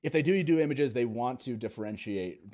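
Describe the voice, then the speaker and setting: A man's voice: medium pitch, lively intonation, a little mellow. A man hosting a live call-in fan show, chatting casually and laughing often. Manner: laughs often, quick asides. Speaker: host.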